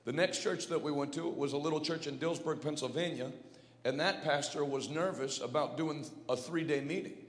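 A man's voice: fairly high pitch, normal speed. A male evangelist preaching in a church, moving between fervent prayer and casual, joking storytelling. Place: large church hall. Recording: echoey church hall.

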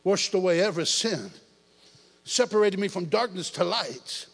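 A man preaching a lively sermon, telling his testimony with shouts, jokes and laughter. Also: high voice, moderate pace, long reverb tail.

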